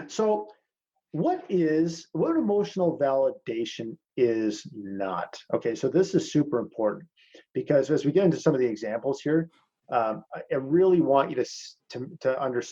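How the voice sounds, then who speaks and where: A man's voice: mid-range voice, big pitch swings, moderate pace, dark tone, husky, highs cut off. A man teaching a masterclass in casual talk over a video call. He is blunt, swears freely and calls his listeners "man".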